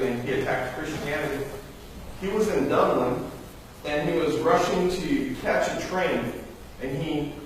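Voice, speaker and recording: Recorded from a distance in a very echoey church sanctuary, a pastor with a voice on the high side preaches, bringing his stories to life by acting out the characters' voices. There's slight background noise.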